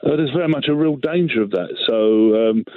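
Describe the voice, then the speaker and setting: An older man from London with a Cockney accent, talking as a guest in a radio interview, relaxed and rambling with many fillers. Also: mid-range voice, a little fast, no room sound. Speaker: festival director, guest. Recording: tinny phone line, dry.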